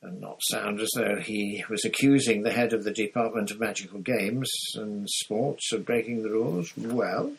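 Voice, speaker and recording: Man reading a novel aloud, low voice, gravelly, husky, casual amateur reading with small slips. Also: fairly even intonation, moderate pace, few pauses, poor audio. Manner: unpolished reading with small fillers and restarts. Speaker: audiobook reader.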